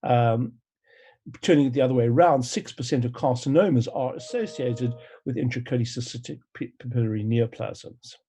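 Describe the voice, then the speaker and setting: A man lecturing in an academic talk, with a gravelly, husky voice. His tone is dark and mellow, and he explains things in a measured way with frequent "uh" pauses. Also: medium pitch. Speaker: pathology professor giving a conference lecture. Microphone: remote talk recording.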